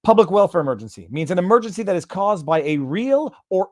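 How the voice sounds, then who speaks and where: A man's voice: high voice, animated, fast, a little mellow, no room sound, studio quality. A man hosting a live stream, reading documents aloud and translating them in real time with sarcastic asides. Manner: sarcastic, reads text aloud and translates on the fly. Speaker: host. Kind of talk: casual live-stream commentary.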